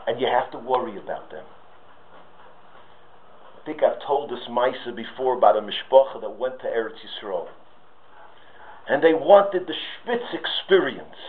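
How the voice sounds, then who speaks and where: A man's voice: medium pitch, expressive, moderate pace, pauses often. A man giving a sermon with stories, rising to impassioned pleas. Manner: storytelling, rises to impassioned pleas. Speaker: rabbi giving a talk. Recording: tinny phone-like audio.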